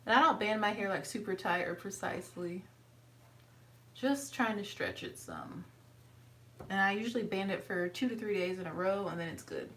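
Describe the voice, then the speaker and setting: Woman vlogger, casual and chatty; bright tone, recorded a little off-mic with faint hiss. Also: expressive, normal speed, far from the mic, poor audio. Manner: chatty, talks to her dog in a high sweet voice. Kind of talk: casual hair tutorial chat.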